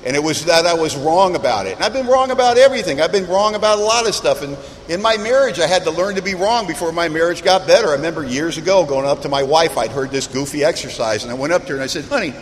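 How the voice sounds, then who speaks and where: A middle-aged man speaking at a recovery meeting, telling a personal story in an animated, self-mocking way. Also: a little high, fast talker, few pauses. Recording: reverberant hall, faint background noise.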